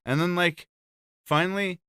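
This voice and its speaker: A man, telling a long story on a podcast in a casual, profane, animated way, acting out what others said. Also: high voice, clean tone, no room sound, clean studio sound. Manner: profane, animated, quick retelling with acted quotes.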